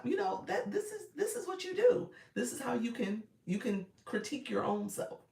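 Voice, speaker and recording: A woman's voice: fairly high pitch, big pitch swings, normal speed, vocal fry, few pauses, darkish tone. A woman coaching viewers through a live stream in a chatty, colloquial way, greeting people as they come in. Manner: chatty, greets viewers by name mid-sentence; colloquial, uses y'all and ain't. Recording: roomy, distant from the mic.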